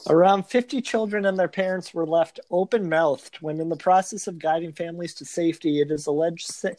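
Amused man reading news, mellow voice. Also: on the high side, fairly quick, slight background noise. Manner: reads in a casual, amused way. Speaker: podcast co-host. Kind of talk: reading a news story aloud with laughter.

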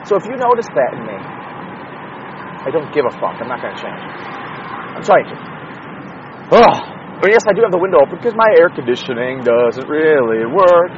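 Man, young, fairly high voice, solo podcast host, wandering profane asides, muffled recording from a car with faint traffic behind. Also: big pitch swings, a little fast, pauses often. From Chicago area, United States. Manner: rambling, profane, self-interrupting asides. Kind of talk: casual solo MMA commentary. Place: in a car with the window open. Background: traffic and street noise.

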